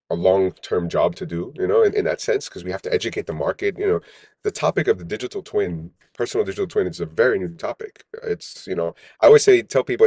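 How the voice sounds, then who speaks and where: A man's voice: fairly low pitch, no echo. A middle-aged man, a company founder in an interview, talking animatedly and often tagging his points with "right?". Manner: animated, peppers speech with "right?". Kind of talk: casual interview talk.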